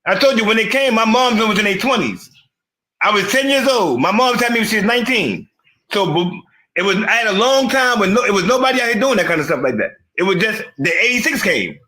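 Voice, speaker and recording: A man's voice: high-pitched, expressive, brisk, bright, forceful tone, reverberant, poor audio. A middle-aged man from New York, arguing insistently in a heated debate and rambling through restarted sentences.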